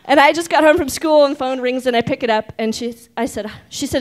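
A woman's voice: a little high, brisk, few pauses. A woman in her forties from Oregon telling a personal story live on stage, chatty and self-mocking, with many ums. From Oregon, United States. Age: 40s.

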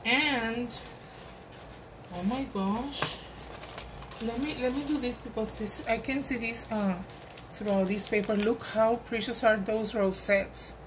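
Slow-talking woman, gushing over a gift, voice a bit high. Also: steady tone, background noise. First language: Spanish. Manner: gushing, exclamatory, enthusiastic. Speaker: crafting vlogger. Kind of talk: gift unboxing chat.

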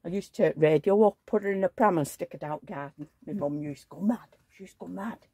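A woman's voice: fairly low pitch, a little fast, warm tone, breathy edge, dry recording, clean studio sound. An older woman, telling rambling, chatty stories on her vlog. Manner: rambling, chatty storytelling with asides. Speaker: vlogger. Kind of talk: casual chat.

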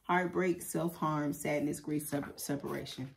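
A low-pitched, gravelly woman, doing a casual tarot reading. She talks bluntly and profanely in a loose, chatty way, over a faint hiss of background noise. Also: fairly even intonation, measured pace. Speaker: tarot reader.

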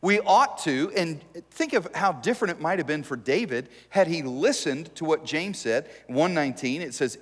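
Animated male pastor preaching in a reverberant church. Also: on the high side, normal speed, hardly any pauses. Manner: animated, acts out quoted dialogue. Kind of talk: sermon. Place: church sanctuary. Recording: long reverb from a church hall.

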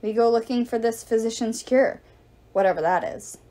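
A woman's voice: a little high, moderate pace, dark tone, natural voice. A blunt teenage boy speaks grimly and to the point, as a woman reading a book puts him on. His dry delivery carries a hint of humor. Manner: grim, blunt.

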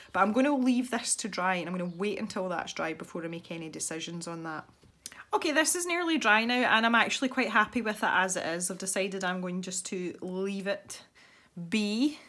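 A Scottish woman who hosts an art channel chats casually while painting, thinking aloud and drifting into rambling asides. Her voice is mid-range and a bit bright.

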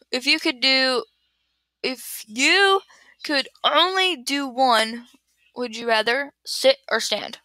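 Answering would-you-rather questions, a young vlogger rambles to her computer's built-in webcam mic at home. Her slightly high voice is bright and forceful at a measured pace, with no echo, and she giggles, loses her thread, trails off and starts over.

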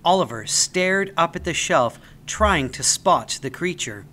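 A man reading a children's story aloud as the storyteller, with an expressive, animated delivery. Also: fairly high pitch, unhurried, slight background noise.

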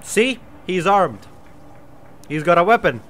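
A man's voice: sits high, sing-song, slow, fairly bright tone. A man who has a cold, giving live gameplay commentary in a giddy, joking way and swearing often. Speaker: streamer.

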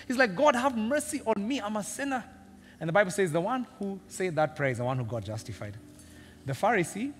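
A Kenyan man preaching with a high, lively voice that leaps around as he acts out characters and jokes with the congregation. His sermon rings with long reverb through a large church hall. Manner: animated and humorous, acting out characters, laughing often. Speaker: senior pastor.

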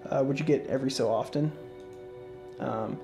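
A man hosting a casual let's-play, talking through his moves in a relaxed, rambling way with lots of fillers and restarts, yawning and sleepy. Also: mid-range voice, moderate pace, vocal fry. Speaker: gaming channel host. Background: faint game music.

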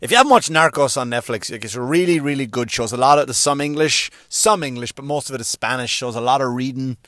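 A middle-aged man doing a stand-up monologue, swearing freely and jumping into high voices to act out characters. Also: quick pace, no room sound, clean studio sound. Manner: animated, swearing, acts out characters with sudden pitch jumps. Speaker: stand-up comedian.

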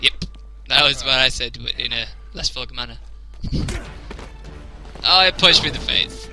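A man's voice: mid-range voice, normal speed, long pauses, faint music behind. Jokey young Englishman narrating gameplay. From England. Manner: jokey, laughs often, reacts loudly. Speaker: let's play commentator. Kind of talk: casual gameplay commentary.

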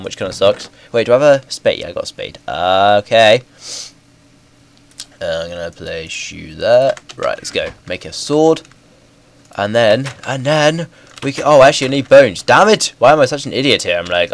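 A young man who has a cold hosts a gaming video, his fairly low voice hoarse and congested. Talking into a headset mic, he rambles through casual game commentary, tossing in excitable, self-mocking asides.

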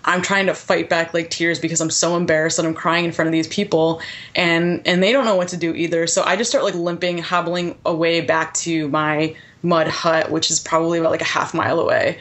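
A woman in her thirties with a somewhat low voice tells a personal story to a podcast host. She talks in an animated, lively way and fills her sentences with "like.". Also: fairly quick. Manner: animated, heavy use of "like" fillers. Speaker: podcast guest.

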